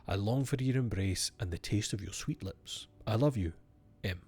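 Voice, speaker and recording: Give me a man streaming a game, reading notes aloud in a fairly low voice and musing to himself. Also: moderate pace, a little mellow, slightly rough. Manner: wry asides and musing to himself between readings.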